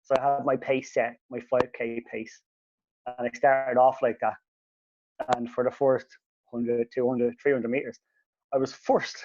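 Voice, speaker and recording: A man telling a sweary, animated story as a podcast host, his voice jumping up when he quotes himself. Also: mid-range voice, unhurried, no room sound. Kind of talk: casual storytelling. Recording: dull lo-fi podcast audio.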